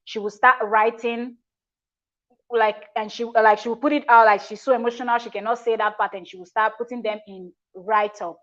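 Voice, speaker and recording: A woman's voice: fairly high pitch, steady tone, moderate pace, a bit bright, lo-fi sound. A woman hosting a reaction video, talking in a chatty, emphatic way with frequent restarts. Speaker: reaction channel host. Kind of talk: casual reaction commentary.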